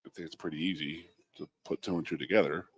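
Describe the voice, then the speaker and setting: A man's voice: sits low, fairly even intonation, fast. A man co-hosting a sports radio show, telling blunt stories in casual banter. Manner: gruff storyteller, mimics voices, blunt. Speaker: co-host, former college football lineman.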